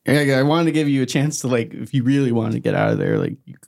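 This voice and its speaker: A man running a tabletop game, narrating in a loose, chatty way. His voice swings up and down with a gravelly creak. The sound is close and dry. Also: mid-range voice, huge pitch swings, fast, darkish tone, no echo. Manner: loose, chatty, many fillers. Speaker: game master.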